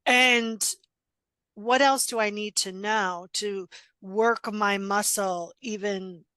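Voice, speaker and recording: With a clear, resonant, medium-pitched voice and a slow pace, this middle-aged coach shares stories as an interview guest. She's blunt, animated, laughs a lot, and performs the quoted dialogue; the recording is dry.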